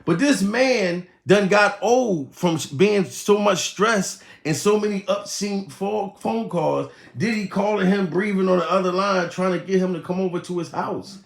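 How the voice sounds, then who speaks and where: A man hosting a live comedy stream, riffing on the news in a rambling, profane, animated way. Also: sits high, a little slow, creaky, hardly any pauses, roomy sound. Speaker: comedian host.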